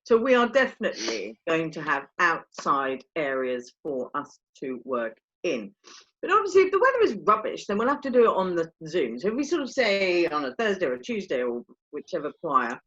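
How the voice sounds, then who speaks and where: A woman's voice: low-pitched, big pitch swings, normal speed, hardly any pauses, fairly bright tone. A woman co-hosting a vocal group's update, chatting and teasing her partner over a video call. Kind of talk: casual chat on a video call. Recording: dull lo-fi video call audio.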